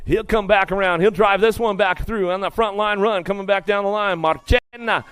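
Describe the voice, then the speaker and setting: A man announcing live BMX races, rattling off rider names with bursts of excitement. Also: sits high, clean tone. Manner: rapid-fire calling of rider names, excitable. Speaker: race announcer. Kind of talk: live BMX race commentary.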